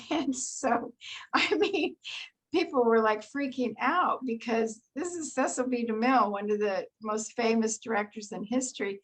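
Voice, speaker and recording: An older actress, a guest on a video call, telling stories from her career in an animated, anecdotal way. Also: a little high, measured pace, poor audio. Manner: animated anecdotal storytelling with laughs. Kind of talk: storytelling in an interview.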